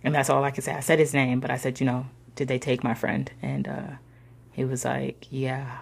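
A young woman telling a personal story in a slangy, conversational way, sometimes dropping into soft whispers. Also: very deep voice, level tone, a little fast, vocal fry, slightly rough. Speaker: discussion participant.

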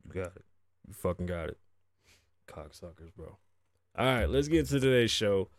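A man's voice: low voice, lively intonation, moderate pace, no room sound. A man in his thirties, raised Puerto Rican, hosting a casual podcast in a loose, profane, chatty way with Spanish asides. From Puerto Rico. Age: 30s. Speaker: podcast host. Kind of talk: casual chat.

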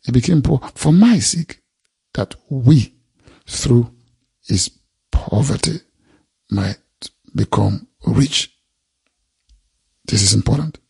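A man's voice: medium pitch, lively intonation, slow pace, vocal fry, pauses often, darkish tone, husky. A man preaching a sermon, reading scripture aloud and expounding it, repeating phrases for emphasis.

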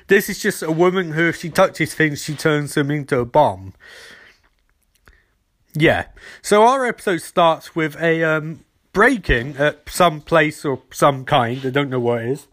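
A man's voice: fairly high pitch, expressive, measured pace, fairly bright tone, no room sound. A man casually recapping a TV episode as a podcast host, rambling and acting out quoted lines.

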